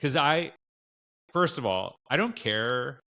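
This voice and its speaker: Very animated yet slow, a middle-aged man with a Canadian accent talks in a mid-range, pushed, bright voice. As a podcast guest and education speaker in a casual interview, he rambles, restarts, uses plenty of fillers, and acts out quoted dialogue.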